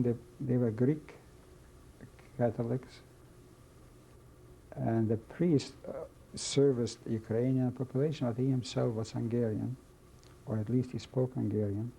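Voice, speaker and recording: Gravelly older man giving testimony. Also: medium pitch, mellow. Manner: halting, repeats phrases, slow reflective storytelling. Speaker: witness telling his life story. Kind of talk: oral history testimony. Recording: dull lo-fi recording, faint hiss.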